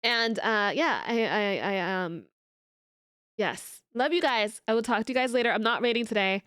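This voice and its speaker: A woman's voice: on the high side, moderate pace, fairly bright tone, smooth, no room sound, clean studio sound. A woman streamer chatting casually with her viewers, rambling and restarting her sentences. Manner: rambling, many fillers and restarts.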